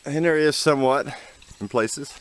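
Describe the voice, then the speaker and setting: A man's voice: fairly high pitch, normal speed, a little hiss or hum. A man filming himself on a forest hiking trail, chatting folksy and casual to viewers while out of breath from the climb. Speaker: hiking vlogger. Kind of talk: casual outdoor vlog narration.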